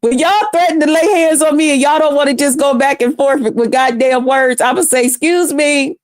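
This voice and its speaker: High-voiced, profane woman ranting on stream. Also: steady tone, fairly quick, no room sound. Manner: profane, blunt and mocking. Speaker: live-stream host. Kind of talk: ranting live-stream chat.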